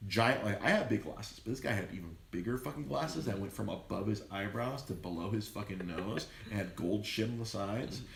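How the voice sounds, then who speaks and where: Profane, animated man telling a story. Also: on the low side, fairly quick, gravelly, few pauses, echoey room. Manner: animated, swears constantly, acts out quoted people. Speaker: podcast co-host. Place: podcast studio in a comic shop.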